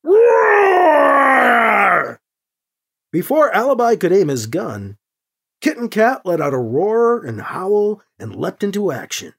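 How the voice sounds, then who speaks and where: Brief: lively, animated storyteller of middle pitch, reading narration and voicing all the parts. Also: unhurried, breathy edge. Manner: even storytelling, voicing each character. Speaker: audiobook narrator.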